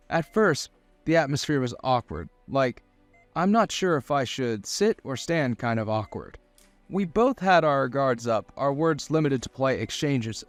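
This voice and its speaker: A man narrating a first-person romance story in a steady scripted delivery. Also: mid-range voice.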